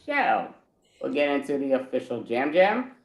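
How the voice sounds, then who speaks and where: A man's voice: medium pitch, big pitch swings, normal speed, echoey room. A man hosting an improv jam over a video call in a loose, rambling, jokey way. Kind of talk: casual hosting.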